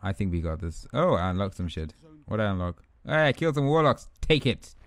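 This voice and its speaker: A young man giving rambling, excitable commentary over his own gameplay, trash-talking opponents and himself. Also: fairly low pitch, fairly quick, no echo. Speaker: gaming YouTuber.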